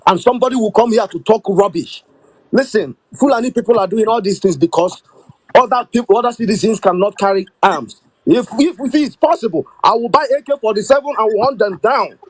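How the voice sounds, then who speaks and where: Casting: angry male caller, high voice, dry close sound, confrontational rant. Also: brisk, no echo, poor audio. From Nigeria. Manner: bitter, heated and confrontational.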